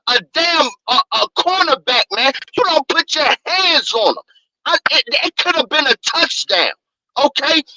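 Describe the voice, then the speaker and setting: A man's voice: extremely high pitch, pushed and bright, dry recording, rough recording. A man calling in to a sports show, ranting angrily, stammering and repeating words. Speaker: caller. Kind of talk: heated sports call-in rant.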